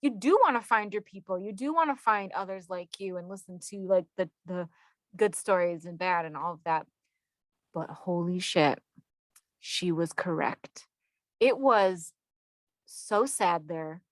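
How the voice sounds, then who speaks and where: Animated storytelling woman, dry sound. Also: lowish voice, unhurried, no echo. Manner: animated storyteller who acts out quoted people; swears casually and says y'all. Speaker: guest therapist. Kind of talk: casual podcast chat.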